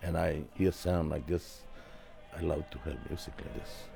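A man speaking slowly and haltingly about family and tradition in an interview, as a traditional musician. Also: extremely low pitch, fairly even intonation, creaky, over music. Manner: slow, halting, reflective. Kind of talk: reflective interview talk.

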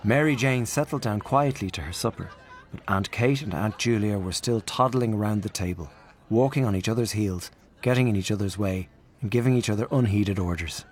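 A man reading a literary story aloud in a measured, expressive storytelling manner. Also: on the low side, husky. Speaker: audiobook narrator. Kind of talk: literary audiobook narration.

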